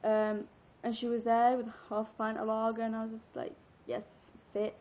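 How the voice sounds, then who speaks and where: In a lo-fi webcam recording with a dull sound, a sixteen-year-old vlogger from England tells a personal story quickly in a fairly high, monotone voice. She's casual, chatty, and giggly, rambling along with fillers.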